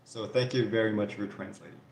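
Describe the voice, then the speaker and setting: A man's voice: on the low side, fairly even intonation, fairly quick, darkish tone, roomy sound. A man from Canada with a French Canadian accent, hosting a live Q&A and reading out viewer comments in casual chat, with plenty of "like" and "you know". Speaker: livestream host answering viewer questions.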